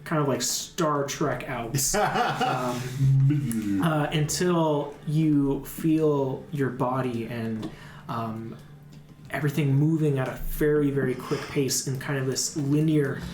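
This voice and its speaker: A man's voice: mid-range voice, takes it slowly, darkish tone. A man running a tabletop game as dungeon master, narrating in a rambling way full of ums and likes. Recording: echoey room, music behind.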